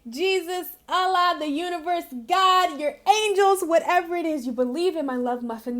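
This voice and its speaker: A woman's voice: sits high, normal speed, a bit bright. A woman giving a casual monthly astrology reading, chatty and giggly with lots of fillers. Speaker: spiritual reader.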